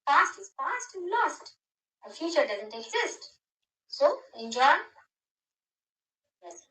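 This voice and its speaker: Older lady giving a spiritual talk, high bright voice, bossy little instructions. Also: very animated, slow pace, rough recording. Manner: instructive, directive. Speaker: spiritual teacher.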